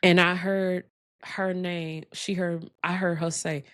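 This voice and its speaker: A woman, telling a heartfelt personal story slowly and reflectively, with pauses and restarts. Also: on the low side, flat delivery, a bit bright, no room sound, studio quality. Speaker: host sharing a personal story.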